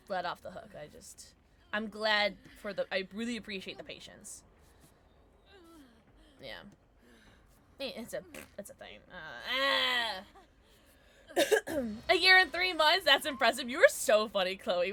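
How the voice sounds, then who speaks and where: Excitable woman streamer with a lively voice. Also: medium pitch, slight background noise. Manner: excitable, chatty, reacting to chat and gameplay. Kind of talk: casual gaming livestream chat.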